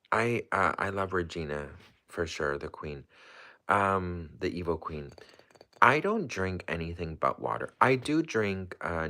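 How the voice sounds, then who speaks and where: A man's voice: deep voice, pushed and bright. A man hosting a casual livestream, rambling through viewer questions with lots of fillers and restarts. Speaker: livestream host. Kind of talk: casual livestream chat, answering viewer comments.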